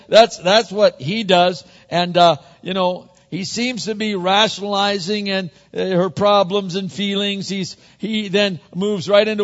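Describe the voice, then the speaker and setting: A man's voice: sits high, a little slow. A male pastor preaching a conversational sermon, often repeating words as he builds to a point. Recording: muffled sound with long hall reverb.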